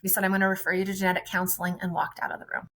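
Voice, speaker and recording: A woman's voice: fairly low pitch, flat delivery, very fast, fairly bright tone, rough recording. A woman guest on a podcast, a friendly and chatty mother telling her own story in conversation.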